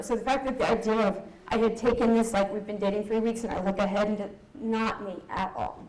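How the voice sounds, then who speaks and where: A woman's voice: mid-range voice, fairly even intonation, brisk, hardly any pauses, a little mellow. A young woman from Southern California giving a candid, emotional personal talk at a conference, with a laugh now and then. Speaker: conference speaker. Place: conference hall. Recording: echoey hall.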